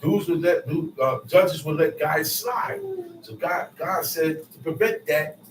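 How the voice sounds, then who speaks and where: A man's voice: fairly high pitch, wildly swooping pitch, unhurried. A man explaining scripture verses in casual street slang, paraphrasing and repeating lines as he teaches. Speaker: bible teacher. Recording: roomy echo, far from mic, faint noise.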